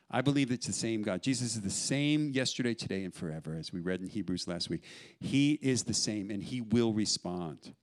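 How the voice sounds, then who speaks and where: A man preaching a sermon as pastor, earnest and pleading, with the occasional soft laugh. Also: mid-range voice.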